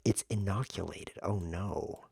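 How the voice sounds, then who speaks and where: A man hosting a chess stream, joking through playful deadpan tangents and mock lectures while he plays. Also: deep voice, measured pace, creaky, breathy edge, no room sound, studio quality. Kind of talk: rambling comedic commentary while playing.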